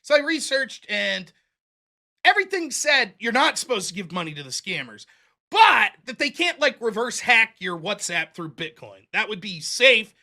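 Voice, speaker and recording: High, lively male show host. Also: moderate pace. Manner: animated, acts out both sides of dialogue; profane, self-mocking. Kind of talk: casual storytelling.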